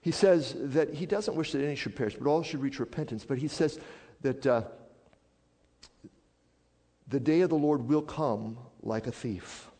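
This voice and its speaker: A man preaching a sermon as a pastor, swinging from hushed, quiet passages up to loud, emphatic declarations. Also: medium pitch, normal speed. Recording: long hall reverb.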